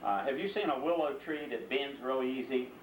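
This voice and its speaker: A man's voice: medium pitch, moderate pace, slight background noise. Patient man telling a story in an echoey room. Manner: patient, calm, asks the listener to join in. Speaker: interviewee and storyteller. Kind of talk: teaching a child, storytelling. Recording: echoey room, mic at a distance.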